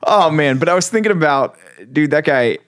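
A man hosting a casual faith podcast, telling a story with lively acted-out quotes. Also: a little high, normal speed, no room sound, clean studio sound. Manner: animated storyteller, acts out quotes. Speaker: podcast host.

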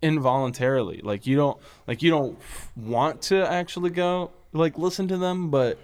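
A man, a stand-up comic, talking casually, loud and animated, swearing freely. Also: fairly high pitch, normal speed, smooth. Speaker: stand-up comedian. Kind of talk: casual chat.

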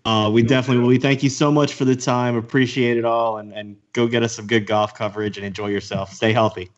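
An easygoing man co-hosts a sports radio show in a friendly tone. His voice is mid-pitched. The sound is slightly dull. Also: flat delivery, fast talker. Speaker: radio co-host.

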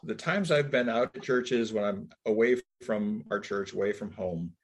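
Brief: male interviewer, low husky voice, reflective, thinks aloud. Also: moderate pace.

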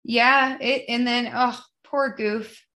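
A woman's voice: on the high side, steady tone, slow, sharp tone. A woman in casual podcast talk, chatty and full of fillers. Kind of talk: casual film discussion.

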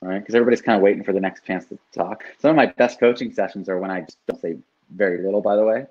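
A man's voice: fairly low pitch, steady tone, rapid-fire, muffled recording. A man who works as a life coach, talking casually and animatedly, swearing now and then and often asking "right?". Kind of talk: casual podcast conversation.

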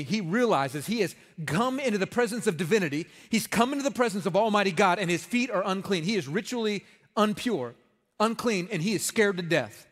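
A man's voice: high voice, lively intonation, brisk, long reverb tail. A man preaching a sermon in a conversational, emphatic way, with folksy humor. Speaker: pastor.

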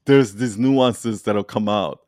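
A man leading an online community, talking casually in an animated, rambling way and laughing often. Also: fairly low pitch, slow pace, no room sound, studio quality. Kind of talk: casual conversation.

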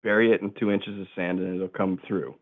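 A man's voice: low voice, fairly even intonation, brisk. A man calling in to a lawn-care show, explaining his setup plainly and in turf jargon. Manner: matter-of-fact, uses turf jargon. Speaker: caller. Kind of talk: phone-in question. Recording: tinny phone line.

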